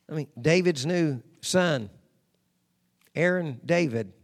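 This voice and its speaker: Male pastor, high voice, preaching style that swings from hushed asides to shouted declarations and calls for amen. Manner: swings from low intimate tones to loud shouted declarations; repeats phrases for emphasis, calls for amens. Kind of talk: sermon.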